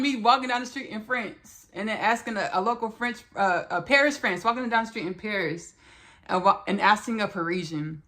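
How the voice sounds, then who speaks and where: A woman's voice: mid-range voice, a little fast, a bit bright. A woman hosting a spiritual podcast monologue who repeats her phrases and talks straight to her listeners as "y'all" and "baby.". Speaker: podcast host.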